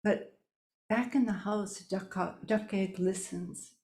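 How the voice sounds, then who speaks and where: A woman telling a folk tale live, slow and deliberate with long pauses. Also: mid-range voice, fairly even intonation, warm tone. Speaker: storyteller. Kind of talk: live oral storytelling. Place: storytelling event indoors.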